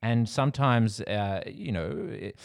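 A man's voice: lowish voice, takes it slowly, gravelly. A man hosting an interview, talking about music in an emphatic, admiring way. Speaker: host. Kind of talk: conversational interview.

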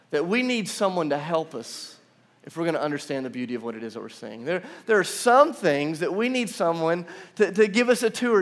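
A young man preaching a conversational sermon in a large church room, telling stories with casual asides. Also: on the high side. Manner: animated storytelling, casual asides. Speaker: pastor. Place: large church room with about seven hundred seats.

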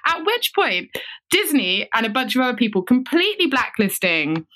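A woman, a podcast guest telling a story in an animated way, laughing and swearing freely. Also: a little high, moderate pace. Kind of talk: casual storytelling chat.

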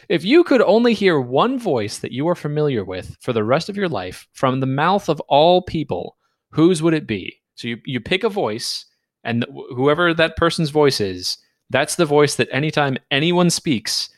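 Guy hosting a little scripted show, deadpan announcer voice, kinda high, super dry close sound. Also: normal speed, no echo. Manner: slips and restarts while reading. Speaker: host.

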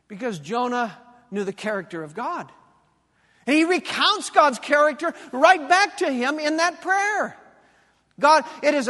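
A male pastor preaching a sermon with animated, emphatic delivery and pointed repetition. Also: very high voice, long reverb tail.

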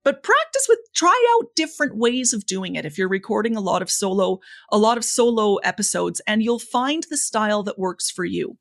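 A woman speaking coach giving advice as a podcast guest, expressive and lively, with a voice that moves up and down a lot. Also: moderate pace, gravelly, hardly any pauses. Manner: lively, varied pitch, expressive. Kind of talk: conversational interview.

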